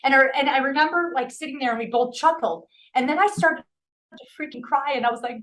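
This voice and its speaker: A woman's voice: high-pitched, a little fast, fairly bright tone. A middle-aged woman telling a personal story in a casual interview, earnest and emotional, often restarting her sentences. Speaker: podcast guest.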